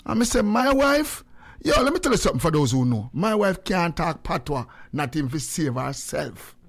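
A man's voice: fairly high pitch, normal speed. A man with a Jamaican accent hosting a radio chat, mixing English and patois and giving advice. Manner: lively, switching between English and patois, preachy. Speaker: radio host. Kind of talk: casual chat.

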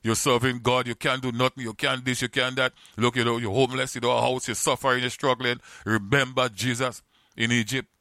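A man's voice: medium pitch, level tone, a little fast, bright, forceful tone, no echo, clean studio sound. A man preaching a sermon, repeating phrases and building to fervent, emphatic exhortation.

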